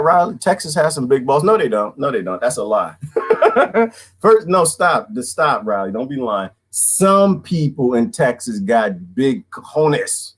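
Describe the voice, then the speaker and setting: Animated, laughing man in his twenties. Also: medium pitch, measured pace, slightly rough. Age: 20s. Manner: animated, laughing often, slangy. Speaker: vlogger. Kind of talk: casual livestream rant.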